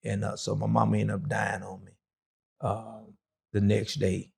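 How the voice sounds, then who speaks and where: A man's voice: on the low side, level tone, a little slow, darkish tone. A middle-aged man, an interview guest and former prisoner, telling his story in a loose, rambling way full of fillers. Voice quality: gravelly.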